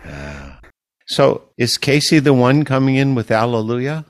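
A man's voice: mid-range voice, sing-song, unhurried, no echo. A man from Wisconsin hosting a casual radio interview with a musician, curious and chatty. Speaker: radio host.

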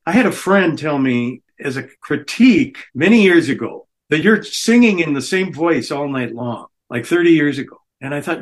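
A man's voice: on the high side, lively intonation, normal speed, hardly any pauses. A middle-aged man, a guest musician, chatting casually and enthusiastically on a radio show.

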